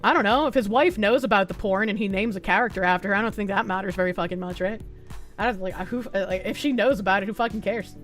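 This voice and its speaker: A woman's voice: medium pitch, soft background music. A woman from Boston with a Boston accent, streaming and chatting casually with viewers in a loose, profane way. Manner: loose, profane, quick to laugh. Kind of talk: casual chat reading viewer comments.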